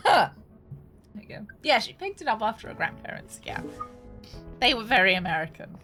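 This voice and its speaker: A woman's voice: fairly high pitch, big pitch swings, moderate pace, pushed and bright, faint music behind. A woman streamer chatting casually and jokingly while playing a game, laughing often. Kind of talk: casual gaming stream chat.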